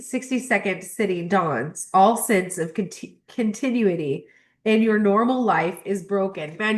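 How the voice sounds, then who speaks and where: Here a young woman who hosts a spiritual astrology channel reads from a spiritual text and muses on it in a mid-range voice. She grows emotional and choked up, with laughter breaking in between passages.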